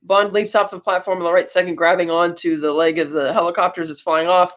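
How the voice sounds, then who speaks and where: A woman's voice: on the low side, fairly even intonation, fast, dull audio. A woman co-hosting a podcast, retelling a film plot in a rambling, chatty way. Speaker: podcast co-host. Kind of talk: casual chat recapping a film plot.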